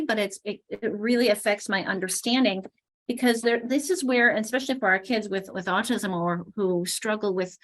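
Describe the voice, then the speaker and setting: A middle-aged woman leading a teacher training, explaining ideas as she goes with frequent restarts. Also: mid-range voice. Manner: explanatory, thinks aloud with restarts. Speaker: literacy trainer.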